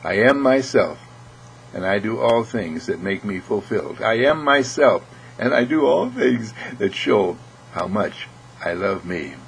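A man's voice: fairly low pitch, animated, a little slow, a little hiss or hum, rough recording. Earnest man giving a spiritual talk. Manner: earnest, repetitive, clears throat often. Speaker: spiritual speaker.

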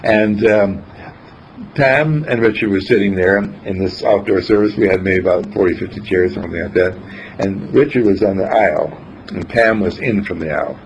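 A man's voice: low-pitched, normal speed. A man giving an informal spiritual teaching, telling rambling, folksy stories with chuckles between points. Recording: dull lo-fi recording with faint background noise.

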